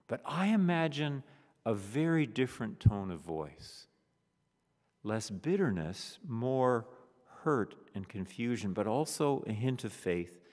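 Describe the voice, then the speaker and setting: A pastor preaches a funeral sermon in a church whose long reverb trails every phrase. His delivery is slow and measured, and his pitch rises and falls widely as he moves between emphatic lines and a hushed near-whisper. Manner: expressive preaching, drops to a hushed near-whisper on solemn words. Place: church sanctuary.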